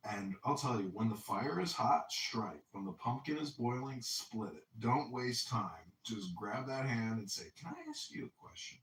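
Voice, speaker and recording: A man's voice: medium pitch, measured pace, hardly any pauses, fairly bright tone. A man hosting a podcast, telling boastful rambling stories in crude casual banter. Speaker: podcast host. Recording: roomy distant mic with faint noise.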